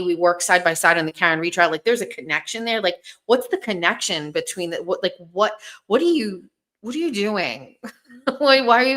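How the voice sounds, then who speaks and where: Female host, casual stream chat; blunt and profane, rambles, somewhat low voice. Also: sharp tone. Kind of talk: casual livestream talk to viewers.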